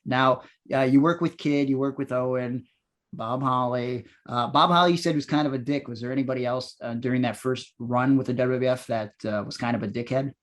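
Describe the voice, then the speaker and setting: Male interviewer, relaxed and friendly, keeps the guest talking. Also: mid-range voice, a little fast. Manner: laid-back, laughs along, asks follow-ups. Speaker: podcast host. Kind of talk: casual interview chat.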